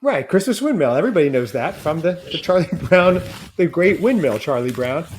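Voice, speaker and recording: A man's voice: a little high, sing-song, fairly quick, a little hiss or hum. A man hosting a podcast taste test in casual chat, joking and thinking aloud as he tastes. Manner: chatty, jokey, thinks aloud while tasting. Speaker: podcast host.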